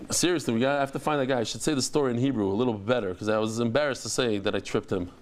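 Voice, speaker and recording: A man's voice: medium pitch, very fast. A man over fifty teaching a Talmud lesson, telling stories and acting out the dialogue with exclamations.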